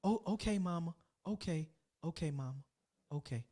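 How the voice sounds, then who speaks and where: A man's voice: expressive, unhurried, darkish tone. A man putting on the voice of a grown man-child who stammers as he begs his mama for permission. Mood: meek. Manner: whiny, stammering, high-pitched.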